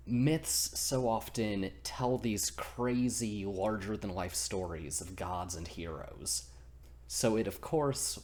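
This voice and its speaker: A man's voice: lowish voice, darkish tone. A man casually retelling a myth as a comedy, goofy and rambling, interrupting himself often. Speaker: storyteller, channel host.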